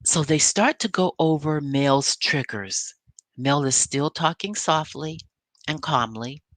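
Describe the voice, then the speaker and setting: Female vlogger, low voice, chatty recap commentary with emphatic storytelling, dry close sound. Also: takes it slowly, dry recording. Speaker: vlogger recapping a reality show.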